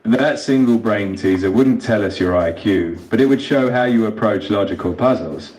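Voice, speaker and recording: Low, folksy chatbot man. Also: moderate pace, darkish tone, roomy sound, poor audio. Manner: folksy, easygoing, keeps calling people partner. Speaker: AI voice assistant. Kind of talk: scripted chatbot replies.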